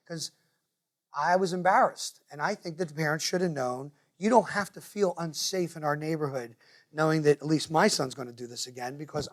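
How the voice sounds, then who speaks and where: A man with a New Jersey accent, speaking to parents in a meeting room and telling stories with quick impressions of other people. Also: on the high side. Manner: animated storyteller, quick to mimic others. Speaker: guest speaker. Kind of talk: lively talk to parents. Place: meeting room with a live audience.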